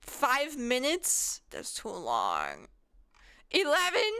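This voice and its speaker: A woman's voice: sits high, huge pitch swings, drawn-out words, bright, forceful tone, smooth. A German woman streamer chatting casually and laughing a lot with her chat, with a German accent. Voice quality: giggly, self-deprecating banter with chat. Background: game music.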